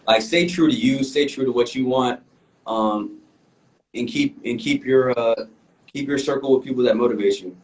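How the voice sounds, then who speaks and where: A young man co-hosting a podcast, talking earnestly in a casual, halting way with lots of "um"s. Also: medium pitch, a little mellow, poor audio. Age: young adult. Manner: earnest, halting, many "um"s and restarts. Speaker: podcast co-host. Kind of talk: casual chat.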